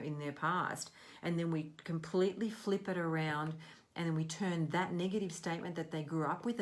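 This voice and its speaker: A middle-aged woman coaching on self-worth in a casual, earnest talk, rambling and often restarting her sentences. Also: low voice.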